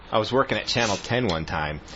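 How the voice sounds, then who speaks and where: A man's voice: lowish voice, lively intonation, normal speed, dull audio, background noise. A man co-hosting a radio show, teasing his co-host and telling playful stories in the studio. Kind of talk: casual radio banter.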